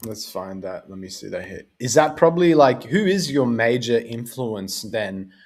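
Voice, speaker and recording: A man's voice: mid-range voice, sing-song, normal speed. A man with an easygoing Australian accent hosts a casual podcast conversation. His talk wanders loosely, full of asides. He laughs easily and keeps a mid-range voice. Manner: laid-back, rambling, laughs often. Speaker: podcast host. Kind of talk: casual chat.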